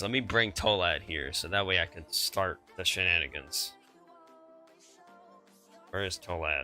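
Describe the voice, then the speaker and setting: A man's voice: low-pitched, bright, forceful tone, low-quality recording. A teenage boy chatting with viewers on a live game stream through a headset mic, rambling and repeating himself with the odd chuckle. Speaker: gaming streamer. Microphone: gaming headset microphone.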